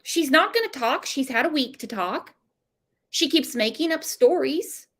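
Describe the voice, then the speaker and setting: Brief: woman livestream host, high voice, outspoken and blunt, talks back to her comments section. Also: lively intonation, unhurried, fairly bright tone. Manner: blunt, opinionated, reads out comments. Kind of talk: livestream chat with callers.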